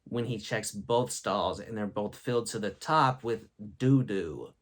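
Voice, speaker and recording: A man's voice: fairly low pitch, a little slow. A young man hosting a show, telling funny school stories and laughing at his own jokes. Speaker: host. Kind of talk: comedic storytelling.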